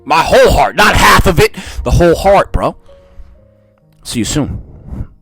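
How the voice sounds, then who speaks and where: Male preacher-reader, lively swinging delivery, dry close sound, faint music under. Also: unhurried, slightly rough, no echo. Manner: swings from low dramatic reading to shouted zeal; peppers speech with "man". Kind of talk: scripture reading with fiery commentary.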